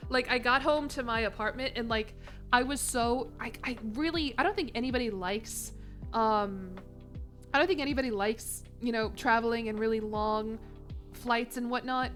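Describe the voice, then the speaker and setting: A young woman from Chicago talking loosely to her stream, circling back on herself and laughing as she goes. Her voice sits a little high, and faint music plays quietly beneath her. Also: normal speed. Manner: rambling, emotional, self-mocking, laughs often. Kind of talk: casual chat on stream.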